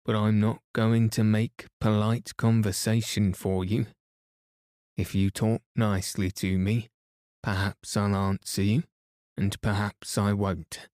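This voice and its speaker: A grumpy, thin-skinned ancient sand fairy with a haughty, offended air, as a man reading a bedtime story puts him on. The lines come slow and unhurried in a fairly low voice, close and dry with no room sound. It stays a storybook creature, lightly sketched rather than fully acted. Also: level tone, a little mellow, no echo. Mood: testy. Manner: cross, haughty, easily offended.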